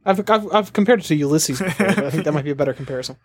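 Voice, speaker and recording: A man co-hosting a casual comedy riff, delivering crude, deadpan asides. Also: a little high, racing, no echo. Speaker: co-host.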